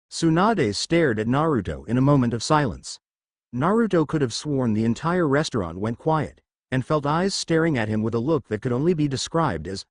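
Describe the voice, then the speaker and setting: A man narrating a fan fiction story in a steady storytelling manner. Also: medium pitch, normal speed, dry recording, studio quality. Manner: steady storytelling with lively intonation.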